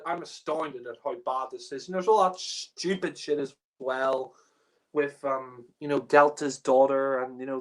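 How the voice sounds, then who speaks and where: Exasperated, swearing male reviewer. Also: medium pitch. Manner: profane, exasperated, frequent laughter and fillers. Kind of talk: casual spoken review rant.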